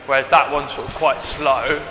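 A young man, a rugby winger explaining his sprint drills in a halting, casual way full of "like" and "basically". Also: medium pitch, steady tone, pushed and bright. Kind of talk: casual demonstration chat. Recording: reverberant space with faint music.

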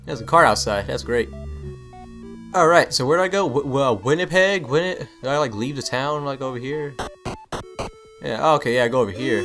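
A man's voice: mid-range voice, normal speed, long pauses, a bit bright, soft background music. A man casually commentating a video game playthrough, rambling and repeating himself, yelping when startled. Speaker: gameplay channel host. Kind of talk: casual let's-play commentary.

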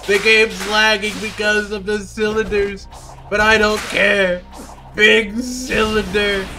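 Goofy high-voiced young streamer man. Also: little pitch movement, a little slow, music in the background. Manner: goofy, argues with himself in silly voices. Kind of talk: casual gaming stream commentary.

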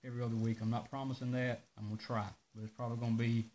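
A man hosting a casual live stream, ranting in an animated way and reading out viewer comments. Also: mid-range voice, racing, slight background noise, low-quality recording. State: out of breath. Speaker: host of a live parts-shop video.

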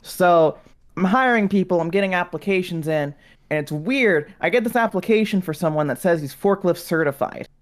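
A woman's voice: fairly low pitch, normal speed, close to an everyday voice. A woman playing a chatty hiring manager gossiping about wild resumes in improv comedy. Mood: gossipy. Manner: casual gossiping storyteller, swearing.

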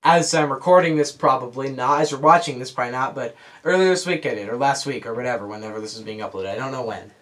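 A man's voice: mid-range voice, quick pace, few pauses, a bit bright. A young man reviewing a movie in a casual, rambling way, with many fillers, talking straight to the camera.

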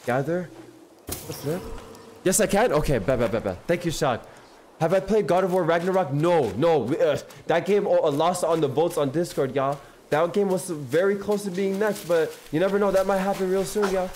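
A young man live-streaming a game, chatting excitedly and slangily with his viewers. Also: fairly high pitch, normal speed, slight background noise. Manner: excitable, slangy, keeps addressing chat. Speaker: gaming streamer. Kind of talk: casual live-stream chat.

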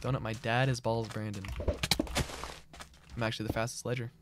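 A man's voice: on the low side, little pitch movement, fairly quick, very noisy. A man streaming a game live, chatting casually and reading out and answering his chat. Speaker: gaming streamer. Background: game music and keyboard typing.

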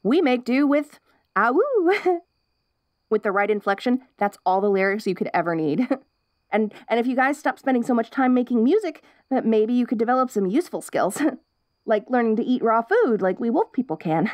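A woman's voice: fairly high pitch, expressive, brisk, darkish tone, no echo, lightly acted. A young woman voicing a perky, curious wolf girl in an ASMR role-play, bubbly and giggly with restless chatter.

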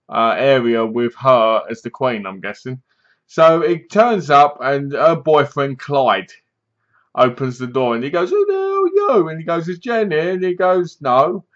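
A man's voice: medium pitch, dull audio. Rambling man reviewing a film. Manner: rambling, self-correcting, acts out characters' lines. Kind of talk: casual spoken film review.

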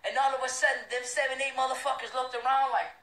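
A middle-aged man, telling a street story as a show host, loud and profane, putting on the voices of the people in it. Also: very high-pitched, level tone, fast. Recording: roomy echo.

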